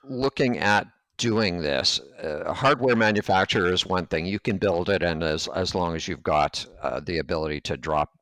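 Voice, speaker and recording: Man from Canada, very low voice, dry sound, host, long hesitant questions. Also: moderate pace, few pauses, fairly bright tone, dry recording. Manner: asks long hypothetical questions, hesitant with fillers. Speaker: interview host. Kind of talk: casual interview chat.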